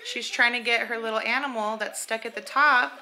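A woman's voice: on the high side, brisk, heavy background noise. A woman in her twenties chatting casually in a family vlog. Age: 20s. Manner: chatty, animated talk to a toddler. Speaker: vlogger.

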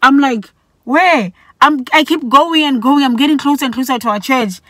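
A middle-aged woman from Botswana tells a personal story straight to camera in a casual vlog. Her voice sits a little high, and she is animated, slipping into the voices of the people she quotes. The sound is dry and close, with no room echo. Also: brisk. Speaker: vlogger.

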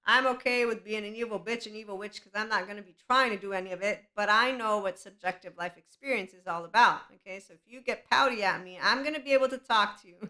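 A woman's voice: medium pitch, quick pace, bright, forceful tone. A woman hosting a podcast, talking casually to her listeners in a chatty, rambling way that breaks into laughter. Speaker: podcast host. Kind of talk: casual solo talk.

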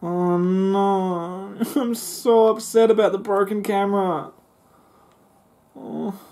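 A man's voice: high voice, fairly even intonation, takes it slowly, dark tone. A young man commentating a video game, swearing and grumbling with sarcastic frustration. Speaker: gaming YouTuber. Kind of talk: let's play commentary.

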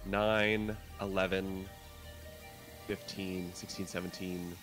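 A man playing a card game against a friend, relaxed and teasing with short reactions. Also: deep voice, slow, over music. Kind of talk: casual gameplay chat.

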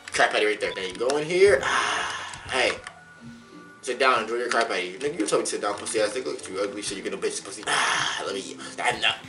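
A man doing a let's play commentary, excitable and swearing a lot, yelping and shouting in surprise. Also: fairly low pitch, recorded from a distance. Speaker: gamer.

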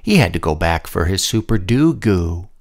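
A man reading a rhyming picture book aloud in an expressive, sing-song manner. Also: deep voice, normal speed. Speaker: storybook reader.

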